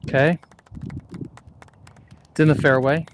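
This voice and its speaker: A man's voice: on the high side, little pitch movement, takes it slowly, noisy background. A man playing golf on a livestream, laid-back and self-deprecating about his shots. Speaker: golfer and co-host. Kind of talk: casual chat. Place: golf course outdoors.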